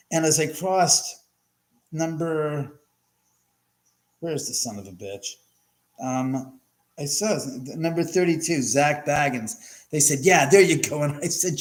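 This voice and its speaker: A middle-aged man hosting a casual livestream, chatting and rambling as he answers viewer comments, laughing often and restarting sentences. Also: a little high. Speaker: livestream host.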